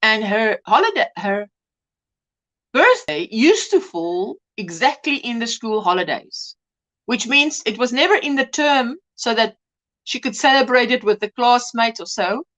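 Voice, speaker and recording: A woman's voice: a little high, expressive, a little slow, a bit bright. A woman hosting a casual crochet livestream, chatting, exclaiming over projects and greeting viewers by name. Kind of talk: casual live-stream chat.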